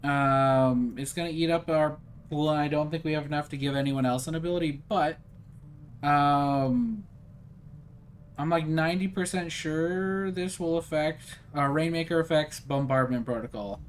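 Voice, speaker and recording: A man's voice: fairly high pitch, fairly even intonation, moderate pace, slight background noise. A man casually commenting while he plays a strategy game, rambling and self-deprecating as he thinks aloud. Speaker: gaming streamer. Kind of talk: casual let's-play commentary.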